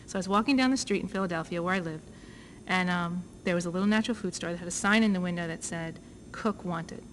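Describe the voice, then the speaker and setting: A woman at a conference telling her own story, lively and acting out both sides of each conversation. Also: fairly low pitch, fast talker, slight background noise, rough recording. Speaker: conference speaker. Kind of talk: personal story told to an audience. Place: conference talk.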